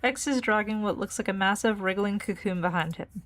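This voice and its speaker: A woman's voice: medium pitch, a little fast, fairly bright tone. A young woman VTuber giving casual gameplay commentary, reading the story text aloud and laughing often. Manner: giggly, chatty, reads narration aloud. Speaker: VTuber streamer.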